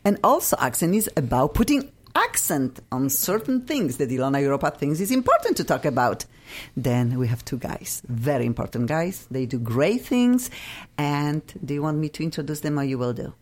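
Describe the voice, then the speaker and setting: A woman hosting a live radio talk show, effusive and excitable, talking with bursts of laughter from a radio studio. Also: sits low, moderate pace.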